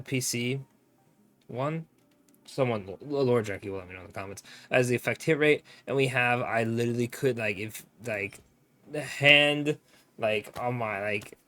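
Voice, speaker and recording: A man's voice: medium pitch, fairly bright tone. A young man giving casual game guide commentary, rambling and often forgetting names with self-mocking asides. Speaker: gaming content creator.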